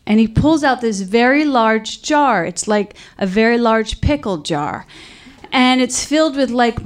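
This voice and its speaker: A woman from New Jersey telling a true story at a live show, animated and quick to act out voices. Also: fairly high pitch. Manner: animated, acts out kids' voices, laughing asides. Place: live stage with audience.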